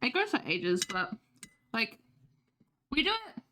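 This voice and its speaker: Chatty high-voiced woman streamer. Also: big pitch swings, slow, pushed and bright. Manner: chatty, swearing, laughing asides. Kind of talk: casual livestream chat.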